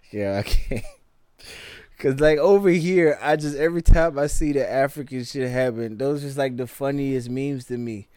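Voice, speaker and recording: A man's voice: medium pitch, unhurried, long pauses, a little mellow, smooth, no echo. A man co-hosting a podcast in casual, slangy, laid-back chat, telling stories and thanking listeners. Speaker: podcast co-host.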